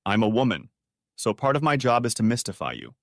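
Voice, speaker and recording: A man's voice: lowish voice, very animated, fairly quick, dry recording, clean studio sound. A man voicing a sly young wife who talks in a coy, teasing way in an audiobook story.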